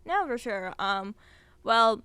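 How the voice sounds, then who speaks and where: A woman's voice: fairly high pitch, lively intonation, slow, sharp tone, clean tone, no echo. A young adult woman, a student guest on a casual podcast, talking in a chatty way full of fillers and easy laughs. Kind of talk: casual interview chat.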